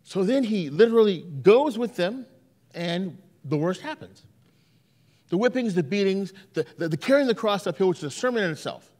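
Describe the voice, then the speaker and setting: In a church sermon, a man serving as pastor tells animated stories and performs the quotes himself, his voice high and his pace normal.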